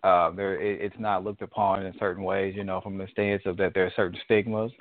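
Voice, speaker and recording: A man telling a rambling story in a relaxed, casual chat. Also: low voice, a little fast, no room sound. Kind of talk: casual chat about a movie. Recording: dry tinny phone line.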